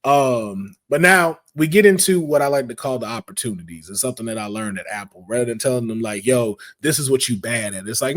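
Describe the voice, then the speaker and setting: A man hosting a casual podcast chat, talking in slangy, animated bursts and acting out quotes in playful voices. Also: mid-range voice, a little fast, hardly any pauses. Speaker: podcast host.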